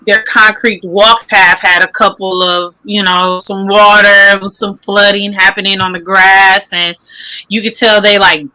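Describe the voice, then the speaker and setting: A woman's voice: medium pitch, flat delivery, unhurried, bright, forceful tone, no room sound, rough recording. A woman co-hosting a casual podcast, rambling with lots of filler words and a drowsy edge. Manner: rambling, many filler likes. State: drowsy, just woken up. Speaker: podcast co-host. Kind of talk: casual chat.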